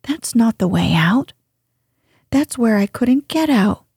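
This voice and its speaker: A woman's voice: a little high, animated, slow pace, darkish tone, no room sound, studio quality, exaggerated voice. A woman whispering as a plucky miner boy. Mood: hushed, practical. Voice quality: breathy whisper. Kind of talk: whispered role-play.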